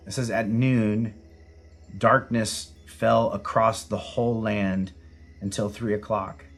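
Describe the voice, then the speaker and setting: A man with a fairly low voice delivers a reflective, conversational sermon, earnest and unpolished, with little restarts. He speaks outdoors in a backyard garden at night. Soft music plays faintly behind him. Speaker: pastor. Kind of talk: casual devotional sermon.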